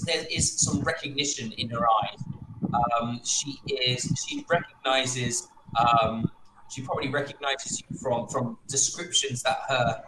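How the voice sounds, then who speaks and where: A man narrating as game master in a tabletop game, pausing often with fillers. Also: medium pitch, reverberant, noisy background. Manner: halting, filler-heavy narration.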